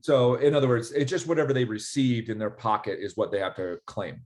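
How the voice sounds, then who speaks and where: Male guest, mid-pitched, chatty, acts out the dialogue in his stories. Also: a little fast. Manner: animated storyteller, acts out quoted dialogue. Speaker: ERC specialist guest. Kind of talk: casual explanatory interview.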